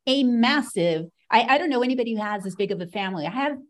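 A woman's voice: a little high, lively intonation, fast talker. A middle-aged woman from the United States, an author and podcast guest, telling a personal story with a sarcastic, wry edge.

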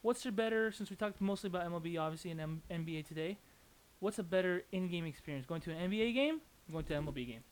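Young guy cohosting a sports pod, trash talking, kinda high voice. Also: animated, very fast. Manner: playful trash talk, hyped announcer bits. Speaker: podcast co-host. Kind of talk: casual sports chat.

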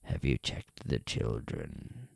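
A man voicing a menacing male phone stalker, speaking slowly in a low, chilling voice while reading a story aloud. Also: huge pitch swings, gravelly, a little mellow, husky, no echo, studio quality, heavily acted.

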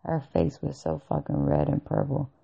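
Woman vlogger ranting, swears a lot, laughs, low mellow voice, muffled lo-fi audio. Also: flat delivery, normal speed, creaky, husky. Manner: blunt and heavily profane, breaks into laughter. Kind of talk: casual personal storytelling rant. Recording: dull lo-fi recording.

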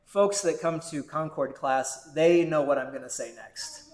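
A man preaching as a pastor, earnest and measured, often checking in with the congregation. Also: fairly high pitch, roomy sound. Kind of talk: sermon.

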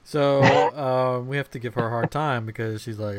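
A man's voice: mid-range voice, steady tone, normal speed. A man hosting a podcast, leading a casual chat with teasing remarks and plenty of fillers. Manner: teasing, leads the conversation with fillers. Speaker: podcast host.

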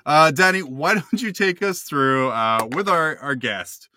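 Bright-voiced joking podcast host man. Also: fairly high pitch, measured pace, slight background noise. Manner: joking, rambling. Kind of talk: casual chat.

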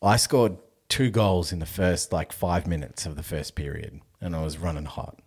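A man's voice: sits low, fairly even intonation, normal speed, darkish tone, husky. A young Australian man hosting a podcast, telling a story in casual chat, swearing freely and laughing as he goes. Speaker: podcast host.

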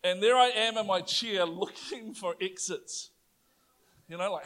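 A young adult man with a New Zealand accent, preaching a sermon, telling a personal story with animated energy that rises to loud declarations. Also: high-pitched, unhurried.

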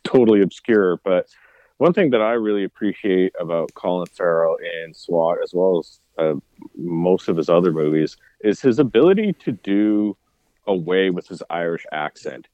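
Deep-voiced, eager podcast co-host man. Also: lively intonation, unhurried, mellow, dry recording. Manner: enthusiastic, with pitch jumping up on agreement. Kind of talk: casual chat.

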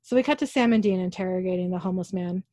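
A woman's voice: on the low side, mellow, dry recording. Casual woman narrating an episode recap. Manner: quick narration, self-corrections.

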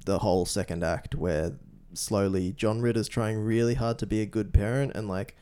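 A man's voice: lowish voice, fairly even intonation, moderate pace, warm tone, clean tone. A man co-hosting a casual podcast, talking loosely about a movie and laughing easily. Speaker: podcast co-host.

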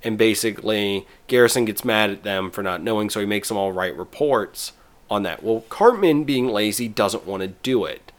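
A man's voice: fairly low pitch, moderate pace. A man in casual chat, rambling through an episode recap with restarts and quoted bits.

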